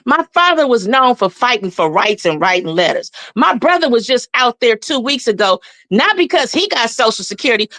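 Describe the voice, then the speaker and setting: A woman's voice: fairly high pitch, pushed and bright, no room sound. A woman in her forties with a Southern US accent, giving blunt, profane, impassioned commentary as a guest. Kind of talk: heated casual commentary.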